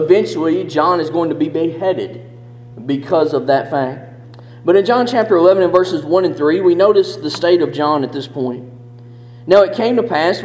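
A man preaching a sermon, reading scripture and explaining it in an earnest, emphatic way, slowing down on key verses. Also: on the high side, darkish tone. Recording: echoey hall with long reverb.

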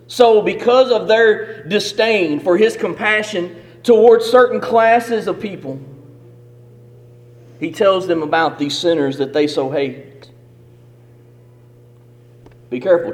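A man's voice: sits high, takes it slowly, pauses often. A man preaching a sermon as pastor, with an emphatic, repetitive cadence in a church sanctuary. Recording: long reverb of a hall.

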